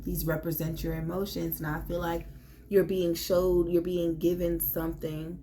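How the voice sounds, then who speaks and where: A woman's voice: lowish voice, little pitch movement, moderate pace, dark tone, slight background noise. A woman giving a casual tarot reading in a blunt, emphatic way, swearing freely as she urges her listeners on. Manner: blunt and profane; emphatic, pep-talk delivery. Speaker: tarot reader.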